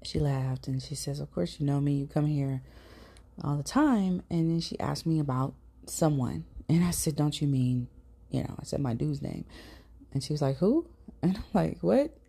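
Low, gravelly woman telling a story. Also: normal speed, mellow. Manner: chatty, swears casually, drops into whispers. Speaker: podcast host. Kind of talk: casual storytelling monologue.

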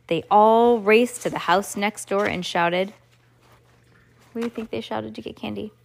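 A woman's voice: mid-range voice, moderate pace, creaky. A woman reading a children's storybook aloud as a podcast host, breaking off for playful, chatty asides to a child listening. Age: adult.

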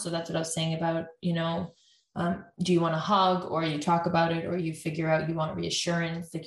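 A woman speaks as a couples therapist, explaining how therapy works and breaking into quick acted-out lines of what partners say. Her voice sits a little low. The recording has a roomy echo around her. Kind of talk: explanatory talk.

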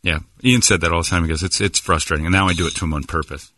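A man's voice: deep voice, rapid-fire, dry recording. A man hosting a morning radio show, telling stories in casual banter and slipping into mock accents. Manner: animated storyteller, slips into mock accents.

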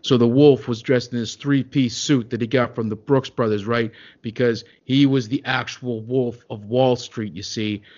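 A man in a comedy sketch telling a rambling children's story, with many hesitations and a gruff tone toward the kids. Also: medium pitch, steady tone, normal speed, hardly any pauses, darkish tone, lo-fi sound. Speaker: comic storyteller doing an impression.

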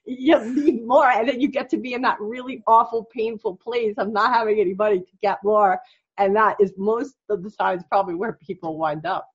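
Podcast host, soft and husky, gentle guiding delivery, dull lo-fi sound. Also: mid-range voice, steady tone. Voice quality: soft-spoken, slow and gentle when guiding. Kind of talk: casual chat turning to guided reflection.

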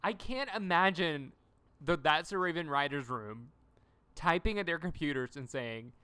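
A woman co-hosting a podcast, chatting casually about a TV episode and acting out lines in quick impressions. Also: low voice, clear, resonant tone. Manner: animated, acts out character lines in quick impressions. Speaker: podcast co-host. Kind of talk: casual chat recapping a TV episode.

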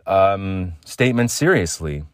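A man's voice: sits low, lively intonation, measured pace, clean tone, dry recording, clean studio sound. A man hosting a solo podcast, ranting emphatically and swearing freely. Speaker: podcast host.

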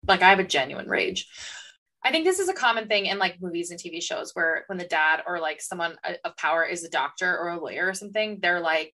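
A woman's voice: on the low side, expressive, fast talker, bright, forceful tone. A young woman co-hosting a casual book podcast, speaking emphatically with strong opinions and casual swearing. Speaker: podcast co-host. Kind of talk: casual chat.

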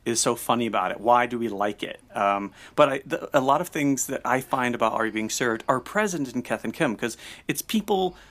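A man's voice: mid-range voice, lively intonation, a little fast, few pauses, a bit bright. A man from the American South hosting a podcast, joking through improvised bits. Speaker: podcast co-host. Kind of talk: casual chat.

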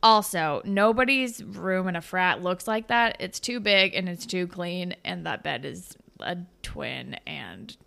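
A woman's voice: lowish voice, unhurried, vocal fry, few pauses. A young woman chatting casually as a podcast co-host, swearing freely and acting out characters' lines as she recaps. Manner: profane, animated, acts out characters' lines. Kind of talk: casual chat recapping a TV show.

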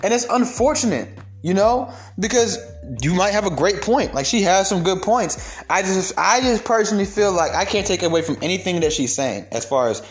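A man's voice: sits high, lively intonation, normal speed, faint music behind. A young man delivering a heated, profane rant of social commentary, emphatic and blunt.

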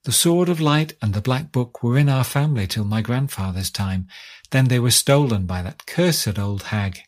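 A man voicing a young king's son who speaks in a measured, solemn way close to his own voice. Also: mid-range voice, lively intonation, lightly acted. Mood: earnest.

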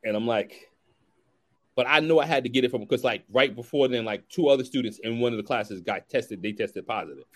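A man's voice: medium pitch, fairly quick. A man hosts a laid-back chat, full of slang. He tells stories with energy and acts out every voice in his anecdotes. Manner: animated storyteller who acts out dialogue, slangy. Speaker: podcast host. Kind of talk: casual chat.

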